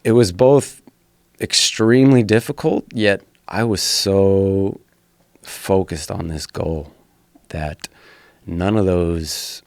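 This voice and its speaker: A man's voice: low voice, steady tone, slow pace, darkish tone, dry recording, clean studio sound. A man in his thirties, a fighter and podcast guest, telling his personal story in an earnest, blunt way with some swearing.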